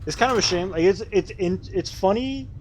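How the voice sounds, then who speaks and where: A man's voice: high-pitched, fairly quick, a little hiss or hum. A man streaming a game, chatting casually with his viewers in a rambling, profane way. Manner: profane, rambling, talks to chat while playing. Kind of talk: casual gaming livestream chat.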